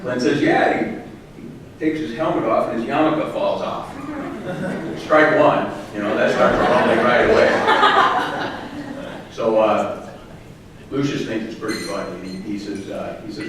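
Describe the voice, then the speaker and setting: A man telling a roast story to a live audience, with a halting delivery full of fillers and restarts. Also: on the low side. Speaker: roast speaker. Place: large hall with live audience. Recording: distant echoey hall recording with noise.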